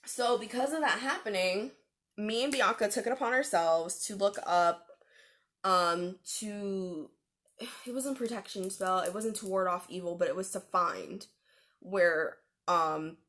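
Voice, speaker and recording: A young adult woman talks straight to her viewers, telling a personal story in a relaxed, chatty vlog style. Her voice sits at an ordinary middle pitch, and she peppers her telling with slang and casual fillers. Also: a little slow. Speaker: vlogger.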